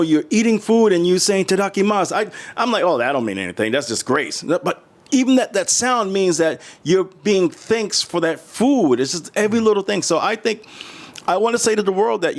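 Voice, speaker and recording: A man's voice: high voice, animated, normal speed. A middle-aged man from the United States, a guest in a casual interview, talking earnestly and emotionally with many restarts.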